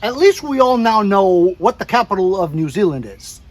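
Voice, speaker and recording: A man's voice: sits high, very animated, normal speed, low-quality recording. A man vlogging in a casual, rambling way, laughing easily as he talks through his day outdoors. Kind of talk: casual chat.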